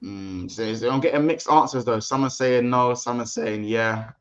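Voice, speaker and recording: A man's voice: mid-range voice, moderate pace, muffled recording. A man hosting a casual football livestream, chatty and slangy, talking straight to his viewers. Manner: chatty, slangy, addresses the chat directly. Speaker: livestream host.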